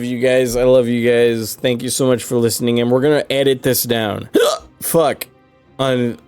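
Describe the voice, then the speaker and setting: A drunk man hosting a casual stream sign-off, rambling, swearing and breaking into high laughter, hiccuping now and then. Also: darkish tone. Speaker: streamer and host.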